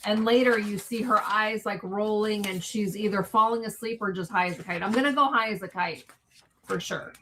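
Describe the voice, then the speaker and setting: A woman on a live stream, speaking in a mid-range voice. She recaps events briskly and matter-of-factly. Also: medium pitch, sharp tone, slight background noise. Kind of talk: casual live-stream chat.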